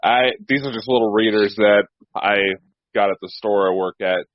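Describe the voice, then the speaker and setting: Low-voiced man with wry replies. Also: normal speed, no echo. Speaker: podcast co-host. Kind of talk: casual chat. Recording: muffled dry home recording.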